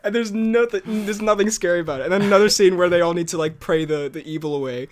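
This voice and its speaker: Man, fairly high voice, casual podcast chat, rambling animated storytelling, laughs a lot. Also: fast talker. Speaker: podcast co-host.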